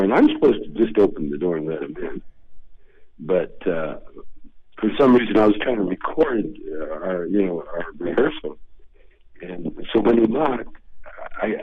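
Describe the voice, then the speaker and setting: Low husky man spinning laid-back stories. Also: animated, normal speed, no room sound. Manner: laid-back, rambling anecdotes. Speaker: guest comedian. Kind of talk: storytelling in a radio interview. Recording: dull lo-fi radio sound.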